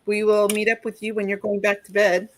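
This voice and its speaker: A sleepy woman hosting a late-night livestream, yawning and talking in a halting way with many fillers. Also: medium pitch, little pitch movement, crowd noise. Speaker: livestream host.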